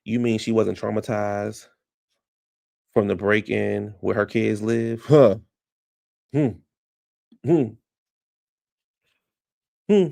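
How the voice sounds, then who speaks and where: Gravelly man recapping reality TV. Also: on the low side, takes it slowly, pauses often, warm tone. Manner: chatty, incredulous, rhetorical questions. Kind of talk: casual commentary vlog.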